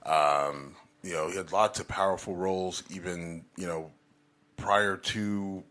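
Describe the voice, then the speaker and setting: Very deep-voiced hesitant man. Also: fairly even intonation, a little slow, fairly bright tone. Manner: hesitant, many fillers and restarts. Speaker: podcast co-host. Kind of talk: casual chat.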